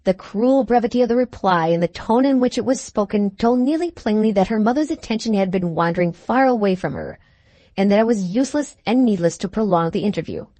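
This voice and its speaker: A woman reads a Victorian novel aloud in a measured, even way. Her voice sits at a middle pitch, and the recording is dry and close. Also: no room sound. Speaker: audiobook narrator. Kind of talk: scripted narration of a Victorian novel.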